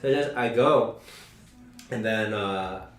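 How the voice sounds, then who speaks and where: Casual podcast host in his twenties, deep-ish voice, meandering storyteller in a reverberant room. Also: slow. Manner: rambling, heavy use of "like" fillers. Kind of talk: casual group conversation, personal storytelling. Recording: roomy echo.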